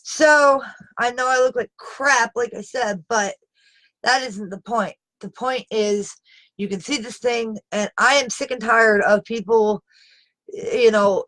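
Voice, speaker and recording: A woman's voice: mid-range voice, fairly bright tone, rough recording. A woman talking unscripted on a live video into a phone camera, upset and exasperated, pleading and emphatic as she presses her point. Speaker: live streamer.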